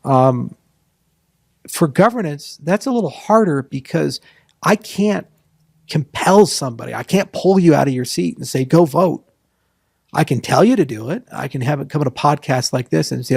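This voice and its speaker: A man answers interview questions in a gravelly, husky voice, running through lists and dropping sarcastic asides. The sound is dry and close, with no room around it, and his pitch sits in the middle. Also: lively intonation, a little mellow, no echo. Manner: rambling, sarcastic asides, lists points quickly. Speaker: interview guest. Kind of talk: casual interview talk.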